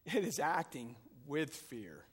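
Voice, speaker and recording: A man preaching a sermon as pastor, moving between calm teaching and loud, fervent passages. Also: fairly high pitch, slow, slightly rough. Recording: long hall reverb.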